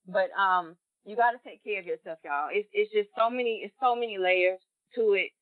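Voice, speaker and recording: A woman's voice: medium pitch, normal speed, no room sound. Emotional young woman, tinny dry sound. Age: late 20s. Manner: earnest, confessional, often addresses listeners as "y'all". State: emotional, holding back tears. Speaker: podcast co-host. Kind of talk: candid personal talk.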